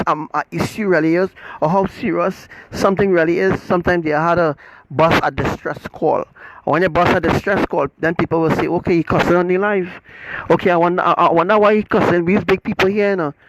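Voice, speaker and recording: A middle-aged man, preaching in a forceful, repetitive livestream rant that keeps asking "right?". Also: on the high side, noisy background. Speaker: self-styled religious teacher.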